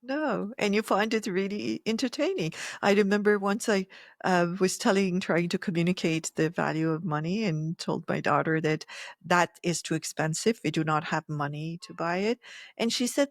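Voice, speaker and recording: Woman, podcast co-host, reflective chat, animated delivery, mid-pitched, dry close mic. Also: moderate pace, no echo. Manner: animated, laughing, acting out inner voices. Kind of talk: reflective casual conversation.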